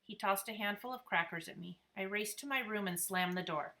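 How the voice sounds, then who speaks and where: Woman, storybook read-aloud, expressive, bright tone, mid pitch. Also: brisk. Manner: lively, expressive narration. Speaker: reader. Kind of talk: children's book read-aloud.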